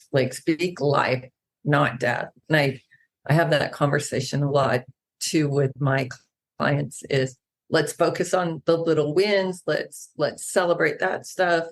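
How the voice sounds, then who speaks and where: Animated woman telling stories. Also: low voice. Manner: animated storyteller, acts out quoted exchanges. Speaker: guest animal naturopath. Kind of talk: casual podcast conversation.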